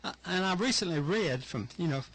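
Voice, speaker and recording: An older man gives testimony in a hearing room, his voice husky and pitched a little high. He speaks earnestly and haltingly, stopping to collect himself as he tells his story. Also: animated, a bit bright. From Georgia, USA. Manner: earnest, halting, emotional retelling. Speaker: witness testifying at a legislative hearing. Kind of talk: public testimony.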